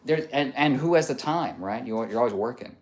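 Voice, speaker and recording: A man's voice: mid-range voice, expressive, brisk. A man reading out chat comments on a casual live stream, joking and laughing often. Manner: playful, laughs often, reads comments aloud.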